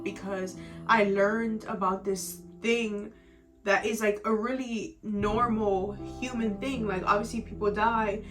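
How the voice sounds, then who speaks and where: Young woman, storytime vlogger, tearful and rambling, mid pitch, soft music under. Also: fairly even intonation, slow. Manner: emotional, rambling with frequent "like". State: tearful at times. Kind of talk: storytime vlog.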